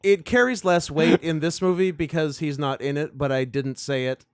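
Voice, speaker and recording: A man commenting on a movie with friends, throwing in quick deadpan quips. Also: on the high side, clean tone, dry recording, clean studio sound. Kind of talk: casual movie commentary chat.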